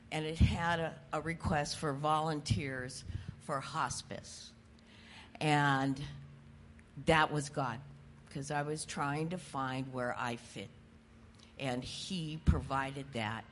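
A woman in the congregation speaks earnestly in a low voice. She talks slowly and steadily. Faint room noise is heard behind her. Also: a bit bright. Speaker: congregation member sharing testimony. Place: church sanctuary.

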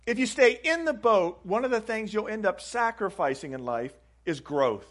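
A man's voice: high-pitched, lively intonation, moderate pace, a bit bright. A man preaching a sermon, reading aloud from a book and stressing phrases with rising emphasis. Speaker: pastor. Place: church sanctuary.

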